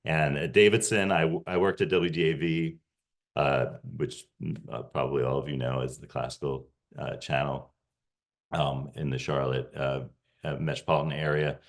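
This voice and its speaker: A man's voice: extremely low pitch, steady tone, normal speed. A man in his forties, a podcast host, talking to a reunion audience over a video call with lots of "uh" and restarts. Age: 40s. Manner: hesitant, many fillers and restarts. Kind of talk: casual talk to a reunion audience.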